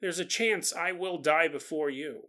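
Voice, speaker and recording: A male podcast host telling a ghost story in an animated, joking way, laughing often. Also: on the high side, unhurried.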